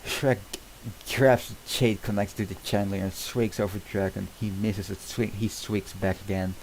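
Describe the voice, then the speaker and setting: A low-voiced man reading a film script aloud on stream, tripping over words and restarting often. The delivery is casual and unpolished, with a faint hiss in the background. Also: fairly even intonation, moderate pace, a little mellow, poor audio.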